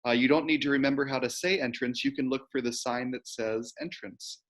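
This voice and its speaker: A man moderating a question-and-answer session over a video call, asking enthusiastic, halting questions. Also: mid-range voice, steady tone, fairly bright tone. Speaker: program moderator.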